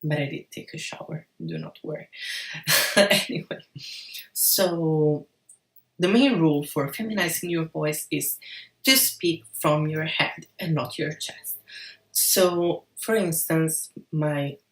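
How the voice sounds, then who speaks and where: A woman's voice: sits low, slow, recorded from a distance. A woman giving frank, encouraging advice in a casual vlog, with the odd swear word. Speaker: vlogger. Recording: roomy echo, off-mic.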